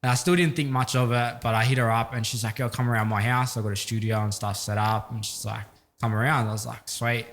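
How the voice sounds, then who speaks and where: Guesting on a casual interview, a young adult rapper from Sydney spins laid-back stories loaded with fillers. His Australian-accented voice is medium-pitched and a bit bright, with fairly even intonation and a quick pace.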